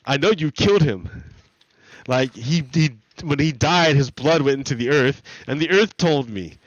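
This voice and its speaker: A man's voice: fairly high pitch, lively intonation, moderate pace, no echo, muffled recording, natural voice. A man voicing a stern male deity who scolds in a blunt, casual way. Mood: scolding.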